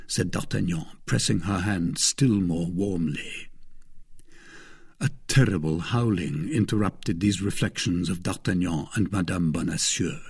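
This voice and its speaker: A man narrating a classic novel in a measured storytelling manner. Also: deep voice, darkish tone, husky. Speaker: audiobook narrator. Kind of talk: scripted narration.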